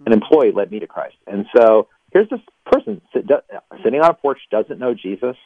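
A man, a former pastor, being interviewed on the radio and telling animated stories, laughing between lines. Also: mid-range voice, fairly quick, dry recording. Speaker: ministry guest, former pastor. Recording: dry tinny phone line.

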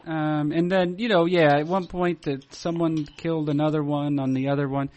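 High-voiced man rambling through a story. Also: steady tone, a little mellow. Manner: rambling, halting storyteller with many restarts. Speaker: podcast co-host. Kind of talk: casual podcast chat.

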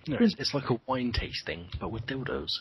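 A man as a podcast guest in casual chat, telling crude jokes in a deadpan way. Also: mid-range voice, brisk, slight background noise, low-quality recording.

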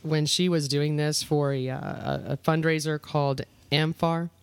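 A man's voice: fairly high pitch, level tone, normal speed, clear, resonant tone, dry recording. A man co-hosting a radio talk show, reading out gossip with frequent stammering restarts. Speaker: radio co-host.

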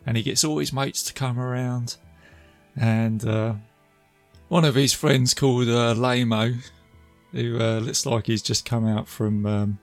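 A man's voice: mid-range voice, steady tone, a little slow, no echo, soft background music. A man casually retelling a film's scenes, chatty and laughing as he goes. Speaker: film reviewer. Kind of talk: casual film recap.

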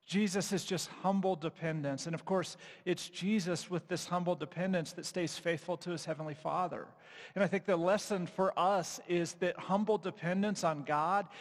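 Male pastor, slightly higher voice, casual emphatic sermon delivery, long hall reverb. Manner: conversational, emphatic, with frequent fillers.

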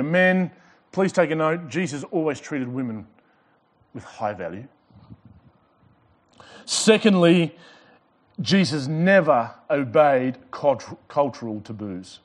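A man's voice: fairly high pitch, lively intonation, slow pace, pauses often. Man preaching with rising and falling force. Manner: preaching with swings from loud emphasis to quiet; light joking asides. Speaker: pastor. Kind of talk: sermon. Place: church service before a congregation.

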